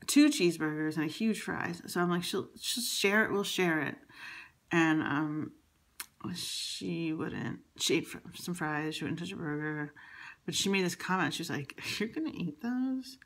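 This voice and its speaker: A woman's voice: fairly low pitch, a bit bright. A woman telling a rambling personal story, exasperated and swearing, with frequent restarts. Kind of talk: casual personal monologue.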